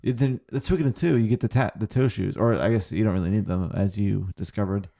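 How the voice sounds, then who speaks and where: A man's voice: lowish voice, fast talker, creaky, dark tone. A tipsy man co-hosting a casual podcast chat, rambling and swearing freely as he talks about games. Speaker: podcast co-host.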